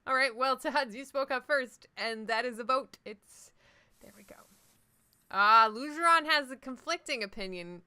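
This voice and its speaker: A woman's voice: high-pitched, normal speed, pushed and bright, smooth. A woman hosting a live game stream, chatting casually and jokingly with her viewers about their votes. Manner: chatty, jokey, answers chat votes. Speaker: livestream host. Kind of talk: casual let's-play chat with live viewers.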